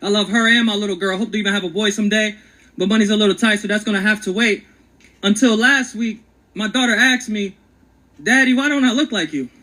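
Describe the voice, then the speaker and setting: A man's voice: sits high, steady tone, fast talker, bright, forceful tone, poor audio. A man performing a rhyming spoken word story with a rhythmic, dramatic delivery. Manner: rhythmic, dramatic storyteller who acts out quotes.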